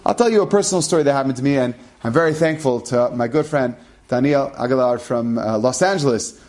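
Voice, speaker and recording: A middle-aged rabbi telling a personal story in a lively way, sprinkling Hebrew terms into his English. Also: on the high side.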